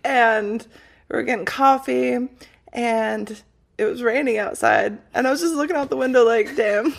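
A woman hosting a podcast in casual chat, giggly and animated, swearing freely on a close microphone. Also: on the high side, moderate pace, gravelly. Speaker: podcast host.

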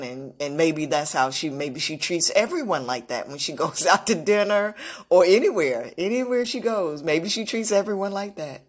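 A woman speaks in a slightly low voice, sharing a personal story in an earnest, unscripted way. She pauses and restarts often as she thinks aloud. Her tone is reflective and direct. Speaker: motivational vlogger.

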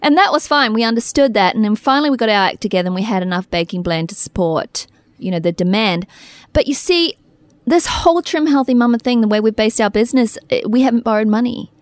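A fairly high-voiced woman co-hosting a podcast, chatting casually and laughing easily between thoughts. The sound is close and dry, with no room echo. She talks freely and warmly to her listeners. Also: fast talker. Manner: laughs often, chatty and animated. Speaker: podcast co-host. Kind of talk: casual chat. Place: small trailer studio.

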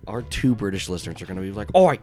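Hoarse deep-voiced man joking around. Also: rapid-fire, darkish tone, faint music behind. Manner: laughing, swearing, joking. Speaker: game master. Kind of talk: casual podcast banter.

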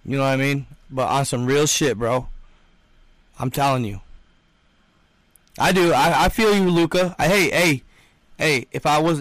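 A man's voice: medium pitch, fairly bright tone, dry recording. A young man hosting a livestream, chatting and reading out comments in an emphatic, slangy way, repeating himself often. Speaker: livestream host.

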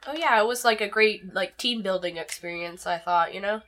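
A woman's voice: mid-range voice, moderate pace, a bit bright. A woman player chatting and answering in a playful, casual way. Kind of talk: casual play chat.

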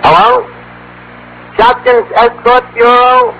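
An actor playing a streetwise, wisecracking tavern manager in a 1940s radio comedy, with brash, ungrammatical patter. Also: male voice, very high voice, big pitch swings, slow pace, creaky, heavily acted. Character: fast-talking wisecracking tavern manager, adult man. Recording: muffled old radio broadcast with loud hiss.

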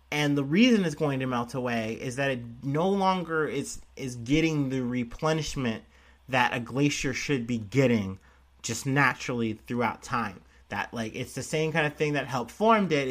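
A man's voice: medium pitch, a bit bright. A young man hosts a casual podcast and reads news stories aloud. He rambles, restarts his sentences, and drops in swear words. He often laughs at himself as he talks. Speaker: podcast host.

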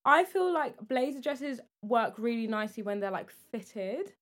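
A woman co-hosting a casual fashion chat, animated and emphatic with slang. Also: fairly high pitch, moderate pace. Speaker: podcast co-host.

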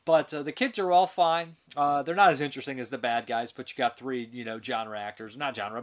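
A man hosting a casual film review show, talking in a rambling, enthusiastic way with restarts and laughs. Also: medium pitch.

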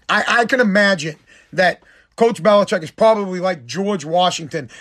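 A man's voice: high-pitched, a bit bright. A man delivering a heated, profane, sarcastic sports rant. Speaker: sports commentator. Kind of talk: ranting sports monologue.

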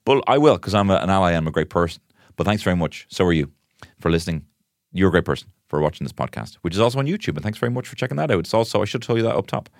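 A man's voice: low-pitched, expressive, rapid-fire, vocal fry, no echo, studio quality. A man hosting a comic solo podcast, rambling and self-mocking, with frequent swearing. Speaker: podcast host.

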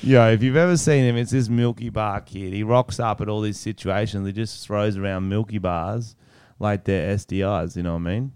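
A man's voice: on the low side, steady tone, normal speed, few pauses, a little mellow, smooth, no room sound, studio quality. A man co-hosting a podcast, joking, swearing and laughing often in casual chat. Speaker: podcast co-host.

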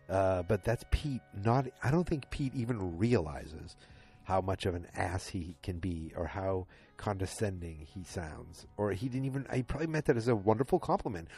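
A man's voice: low voice, lively intonation, normal speed, warm tone, breathy edge, soft background music. A tired man casually recapping a TV episode, rambling and often stopping to correct himself. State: tired and yawning late at night. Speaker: podcast host recapping a TV episode.

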